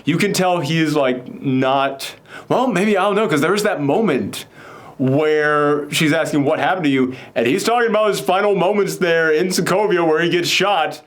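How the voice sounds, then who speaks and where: A man casually recapping a TV episode with a co-host, rambling with many fillers. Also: on the high side. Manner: rambling, filler-heavy, quick mock voices for characters. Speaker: podcast co-host.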